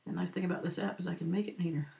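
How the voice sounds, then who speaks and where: A woman's voice: lowish voice, fairly even intonation, creaky, mellow. Patient woman teaching accounting. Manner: patient, talks slowly for note-takers; checks in with frequent "right?" and "okay?". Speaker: accounting instructor. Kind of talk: screen-recorded lecture walkthrough.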